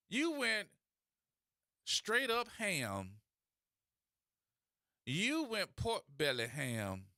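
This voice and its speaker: A man hosting a talk radio show, ranting in a mocking, animated way and slipping into imitation voices. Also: high voice, no echo, studio quality. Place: radio studio.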